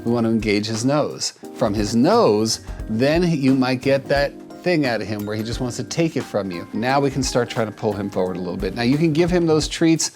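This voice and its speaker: A man hosting an advice show, talking casually and warmly about a shy cat, often repeating and restarting words as he gets emotional. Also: mid-range voice, expressive, moderate pace, hardly any pauses, soft background music. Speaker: cat behaviorist host reviewing a viewer video. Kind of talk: casual advice talk to camera.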